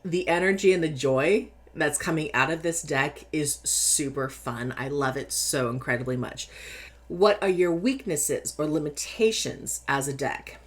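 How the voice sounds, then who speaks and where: A woman's voice: sits low, a little slow. A woman from California with a Californian accent, chatting casually as she reads tarot cards. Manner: lively, chatty, laughs easily, animated emphasis. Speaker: tarot reader. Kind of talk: casual tarot deck interview reading.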